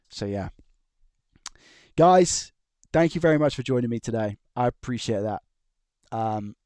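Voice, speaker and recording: An electronics repair streamer with a warm, mid-range voice chats casually on a live stream from his room at home. He rambles, chuckles, tells stories, and restarts his sentences, all captured in a dry, studio-quality recording.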